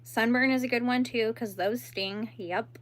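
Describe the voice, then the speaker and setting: A woman's voice: a little high, fairly even intonation, a little slow. A young woman hosting a crochet livestream, chatting casually and laughing while she answers viewers and works.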